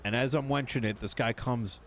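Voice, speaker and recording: A man's voice: mid-range voice, a little fast, a bit bright, slight background noise. A man in a role-play game telling a story in character as a mechanic, acting out other people's lines and swearing casually. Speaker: mechanic and tow driver in a role-play server.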